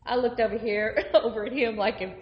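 Woman preacher sharing testimony, lively storyteller, long hall reverb. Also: fairly high pitch, brisk, muffled recording. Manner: animated, conversational storyteller. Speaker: minister.

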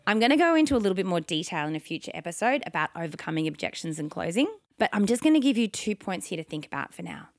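A woman hosts a solo instructional podcast, coaching her listeners in an upbeat, confident way. Her voice sits lower than most women's, and her sentences land on firm downward inflections. The recording is close and dry. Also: big pitch swings, quick pace, few pauses, no echo. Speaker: podcast host and sales coach.

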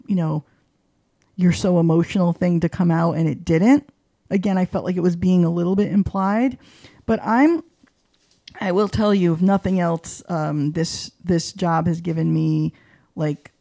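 A woman talking casually in an interview, with a gravelly edge and a mellow, dark tone. She is chatty and animated, full of fillers, and her pitch jumps whenever she acts out what other people said. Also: no room sound, studio quality. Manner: voices quoted people with big pitch jumps. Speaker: guest, arts journalist.

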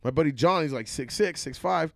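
A young adult man telling profane stories in casual chat, laughing often and talking in an animated way. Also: a little high, fairly quick, creaky, no echo, clean studio sound.

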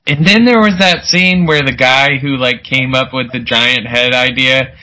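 A man's voice: medium pitch, measured pace, pushed and bright, poor audio. A man co-hosting a podcast, recapping a movie in casual chat, laughing and acting out characters' lines. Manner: laid-back, laughing, acts out characters in quotes. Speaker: podcast co-host.

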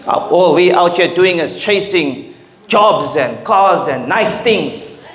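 A man's voice: sits high, expressive, slow, a bit bright. A male pastor preaching a sermon in an emphatic style, driving his points home with rhetorical questions. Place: church hall with congregation. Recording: echoey hall with congregation responding.

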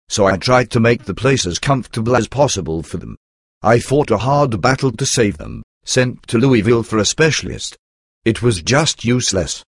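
Earnest low-voiced man telling his story. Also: no echo, studio quality. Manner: earnest and emotional, with sighing asides. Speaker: narrator of his own life story. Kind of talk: first-person storytelling narration.

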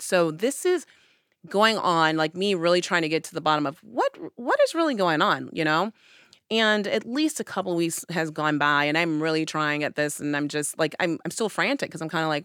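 A woman telling a personal story in casual conversation, acting out her own past lines with lively emphasis. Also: lowish voice, normal speed, smooth, dry recording, studio quality.

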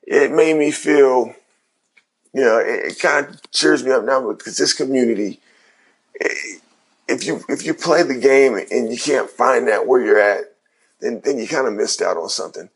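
Gravelly, husky man telling a story. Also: mid-range voice, normal speed. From Ohio. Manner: animated retelling with quoted dialogue, slangy. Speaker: guest, former pro basketball player. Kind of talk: casual storytelling.

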